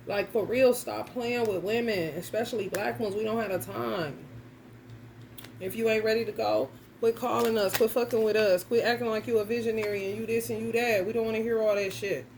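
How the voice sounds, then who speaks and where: A woman reads tarot in a loose vlog, talking bluntly and swearing freely straight to her viewers. Her voice carries a gravelly edge at a middle pitch. A faint hiss sits under it. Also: darkish tone. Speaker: tarot reader. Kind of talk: casual tarot reading vlog.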